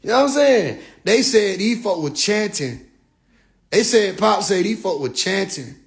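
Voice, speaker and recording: A man with a notably high voice tells a story as a comedic rant. He is animated and profane, and his delivery is loose and full of slang. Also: a little slow, gravelly. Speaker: vlogger.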